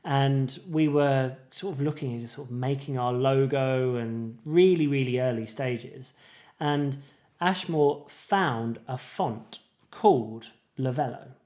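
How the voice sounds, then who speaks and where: A man's voice: medium pitch, slow pace, hardly any pauses, darkish tone. A man co-hosting a podcast in casual chat, rambling with lots of fillers and restarts. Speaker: podcast co-host.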